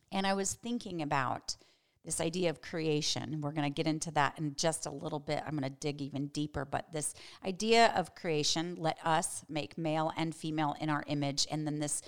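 Earnest female Bible teacher with a slightly low voice; conversational and emphatic, slows down to stress points. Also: clear, resonant tone. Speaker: Bible teacher and podcast host.

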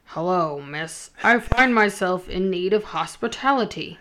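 A woman voicing a young woman disguised as a sailor lad, pushing her voice lower and speaking earnestly. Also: animated, measured pace, bright, forceful tone.

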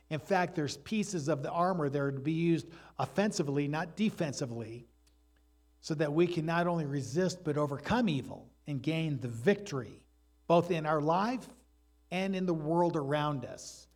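A man delivering a sermon with real animation, his voice set a little high for a man. He tells stories with lots of energy and leans into them. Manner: animated storytelling preacher, acts out voices in stories. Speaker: pastor.

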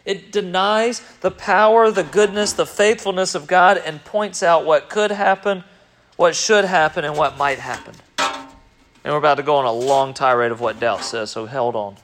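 High-voiced man preaching with animated swings. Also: moderate pace. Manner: animated, swinging between loud emphasis and quiet reflection. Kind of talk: sermon.

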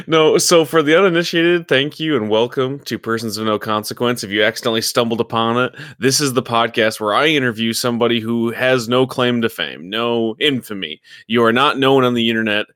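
A young man hosts a casual podcast from a remote call, rambling and laughing as he jokes with a friend. His voice is bright and forceful, recorded dry and close with no room sound. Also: medium pitch, brisk, dry recording. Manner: joking, rambling, laughs often. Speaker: podcast host. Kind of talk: casual chat. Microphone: remote call over Discord.

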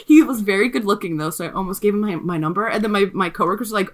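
A young adult woman telling a story in casual chat, animated and profane, full of filler likes. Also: a little high, fast, few pauses.

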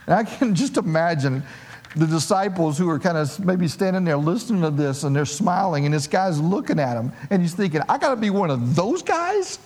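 High-voiced storytelling male preacher. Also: a little fast, darkish tone. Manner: storytelling, humorous, acts out voices. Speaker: pastor. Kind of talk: sermon.

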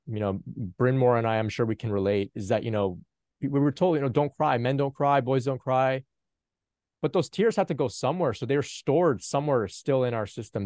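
A man hosting a spiritual Q&A on a video call, talking gently and reassuringly with many fillers and restarts. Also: mid-range voice, dry recording, studio quality. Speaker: Kundalini Q&A host. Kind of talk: spiritual teaching chat.

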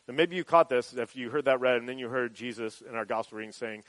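A pastor giving a sermon in a relaxed, conversational style, often tagging his points with a quick "right?" His voice sits in a middle pitch for a man. The recording is close and dry, with little room sound. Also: dry recording, rough recording.

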